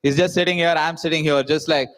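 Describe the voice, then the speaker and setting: A man's voice: fairly high pitch, steady tone, quick pace, a bit bright. A young man from India telling a self-mocking comic story to a live audience, acting out the people in it. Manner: jokey, self-mocking, acts out voices of people in his story. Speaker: speaker at a student event.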